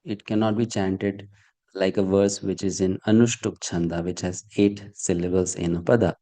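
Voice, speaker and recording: A man with a low, mellow voice leads an online verse class over a video call. He explains things patiently and keeps asking whether the students understand. His tone stays soft and dark. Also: steady tone, moderate pace. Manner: patient, checks understanding with frequent "hmm?" and "okay?". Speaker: Sanskrit verse teacher.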